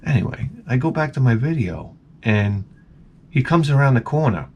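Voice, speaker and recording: A man telling a comedic story in an animated rant, swearing and stammering through restarts. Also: medium pitch, normal speed, slight background noise. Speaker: comedic vlogger.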